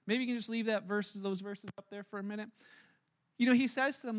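A male pastor telling a story in his sermon with a high voice. He is lively at the start. He slows to a hushed, heavy pace at the solemn parts. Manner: animated, then slow and hushed.

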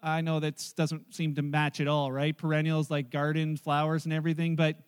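A man's voice: fairly high pitch, completely flat delivery, a little fast, smooth, long reverb tail. A man preaching a sermon in a chatty storytelling way, acting out the lines of people in his anecdotes. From Canada. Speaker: pastor.

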